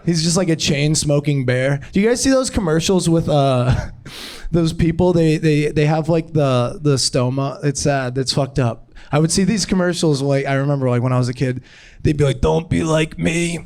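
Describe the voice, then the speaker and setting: A young male comedian riffs off the top of his head on a club stage, rambling and breaking into giggles at his own ideas. His voice sits a little high for a man and comes through a handheld stage mic. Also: normal speed, a little mellow. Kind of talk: improvised stand-up.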